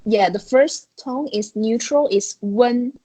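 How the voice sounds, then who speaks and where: Woman Chinese teacher, slow and careful delivery, Chinese accent, patient explainer, online video-call lesson. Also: medium pitch, a little mellow, rough recording. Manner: patient, explains step by step with examples.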